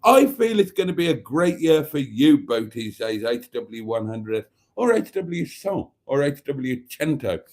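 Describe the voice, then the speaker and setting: A man hosts a casual livestream, reading viewer messages out loud in a campy, joking manner. His mid-range voice is very animated, a little mellow, and he takes his time.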